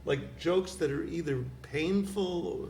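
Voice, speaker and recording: Wry gravelly man, roomy studio. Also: on the high side, unhurried, a little mellow. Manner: wry, rambling storyteller with laughs. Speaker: poet guest. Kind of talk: casual chat. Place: community cable studio. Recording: roomy studio with faint hiss.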